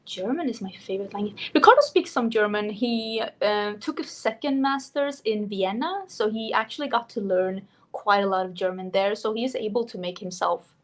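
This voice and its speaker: A woman's voice: medium pitch, normal speed. A young woman from Sweden with a Swedish accent, chatting casually on a livestream and reading out viewer comments. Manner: chatty, laughs often, reads out viewer comments. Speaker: beauty vlogger hosting a livestream.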